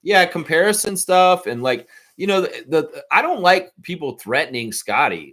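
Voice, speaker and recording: A man's voice: fairly high pitch, big pitch swings, normal speed, few pauses. A man hosting a live fan stream, reading chat and ranting with heavy swearing. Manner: fired-up, profane ranting that swings loud. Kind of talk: casual fan reaction stream.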